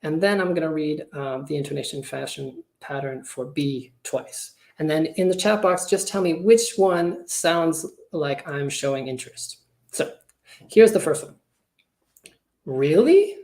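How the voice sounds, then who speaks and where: A man who trains teachers, giving an online webinar presentation in a relaxed, conversational way with a lot of hedging. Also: on the high side, moderate pace, vocal fry. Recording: roomy echo.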